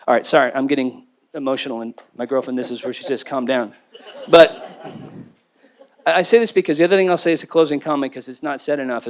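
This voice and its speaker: A man speaking as a panelist, talking intensely and emphatically in a university lecture theater. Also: a little high. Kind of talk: impassioned panel talk.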